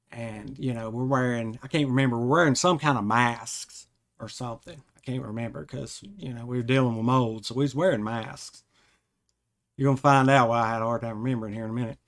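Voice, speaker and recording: A man hosting a podcast, telling a funny personal story in a rambling, animated way and often correcting himself. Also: mid-range voice. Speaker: podcast host. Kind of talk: casual storytelling.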